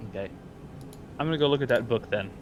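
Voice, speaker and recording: A man playing a tabletop game, upbeat and giggly, thinking out loud. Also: medium pitch, fast talker, slight background noise. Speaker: player.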